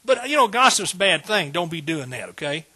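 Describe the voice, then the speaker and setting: A man's voice: high voice, big pitch swings, fairly quick, pushed and bright, breathy edge. A man preaching a sermon as pastor, folksy and joking, building to emphatic bursts.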